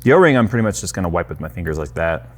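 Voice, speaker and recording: Low-voiced man chatting through a repair. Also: very animated, racing. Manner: chatty, loose, self-deprecating asides. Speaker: tech YouTuber. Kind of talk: casual how-to demonstration. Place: workshop workbench.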